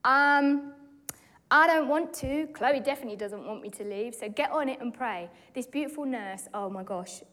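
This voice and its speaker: A British woman in her forties giving a lively, excitable testimony to a church gathering from a stage. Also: high voice, normal speed. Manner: animated, excitable storyteller who acts out quotes. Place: stage in a hall. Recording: echoey hall.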